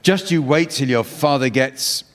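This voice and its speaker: A man hosting a comedy panel game on stage before a live audience, dry and deadpan. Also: mid-range voice, unhurried. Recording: reverberant hall, loud noise.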